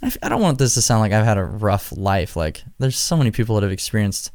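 A man's voice: lowish voice, animated, fast talker, darkish tone, no echo, studio quality. A young man from Nebraska hosting his podcast alone, chatting casually in a rambling, jokey, self-deprecating way. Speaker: podcast host. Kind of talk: casual solo podcast chat.

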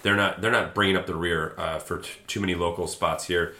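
A man co-hosting a casual beer-tasting podcast, bantering in a relaxed, joking way. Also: sits low, fairly quick. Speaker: podcast co-host. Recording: echoey room.

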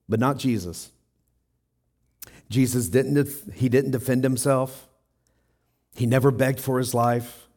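A man's voice: mid-range voice, darkish tone. A middle-aged man pastor preaching a sermon in a church in a conversational way, often asking the congregation questions.

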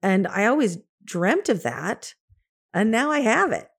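A woman in her fifties, an interior designer and coach, telling stories from her career in an animated way, laughing often and acting out what she said to others. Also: medium pitch, a little slow, gravelly, husky. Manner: animated, laughs often, quotes herself in lively asides. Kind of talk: casual storytelling.

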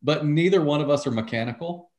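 A man's voice: on the high side, fast talker, a little mellow. A man telling a teasing, jokey story about his brother as a guest in an interview. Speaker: podcast guest, businessman. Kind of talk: casual anecdote. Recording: roomy echo.

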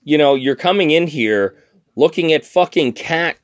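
A man's voice: fairly high pitch, lively intonation, normal speed, dry recording. A drunk man ranting angrily about a customer, swearing constantly and stammering through restarts. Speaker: thrift shop worker. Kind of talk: angry profane rant.

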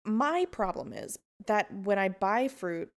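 Young mom type venting on a podcast, laughs a lot, cusses, super candid. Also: female voice, mid-range voice, lively intonation, slow. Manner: candid, swears, laughs while telling stories. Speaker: podcast host. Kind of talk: casual chat.

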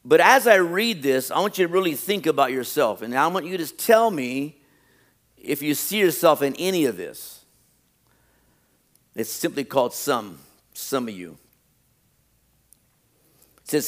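A man preaching to his congregation with a slightly raised pitch, circling back over his phrases and pressing each point harder. He reads his lists slowly and deliberately. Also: big pitch swings, a bit bright. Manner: preaching with rising emphasis and frequent repetition. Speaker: pastor. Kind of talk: sermon.

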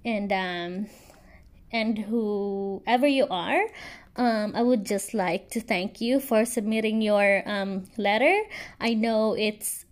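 A woman's voice: medium pitch, steady tone, slow. A young woman hosting a podcast, hesitant with many fillers, then reading a listener's letter aloud earnestly. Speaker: podcast host.

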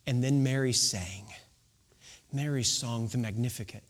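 A man in his thirties preaching a sermon, telling stories with drawn-out, dramatic phrasing and sometimes dropping to a hush for emphasis. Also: medium pitch. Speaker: pastor.

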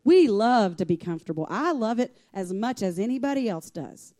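Warm, folksy woman preaching a sermon. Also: mid-range voice, expressive, normal speed. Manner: folksy, conversational preaching with calls for amen.

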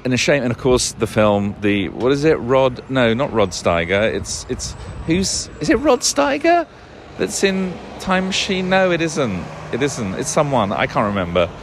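Over slight background noise, a male podcast host speaks a little slowly in a medium-pitched voice with big pitch swings. His long, casual monologue rambles, full of swearing, lost words, self-corrections, and frequent chuckles.

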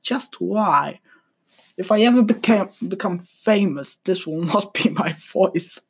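A young man rambling casually at his computer, hesitant, with dry deadpan humor. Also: high-pitched, slow, creaky, breathy edge. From Sweden. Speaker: vlogger. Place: at a computer desk. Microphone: computer mic.

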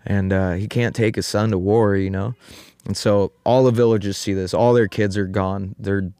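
A man with a lowish voice hosts a podcast and tells a parable in loose, casual chat. He rambles and leans on filler phrases, with some casual swearing. His voice sounds dry and close, with no room around it. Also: steady tone, normal speed, warm tone, no echo. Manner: rambling, heavy on "like" and "you know", casual swearing. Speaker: podcast host.

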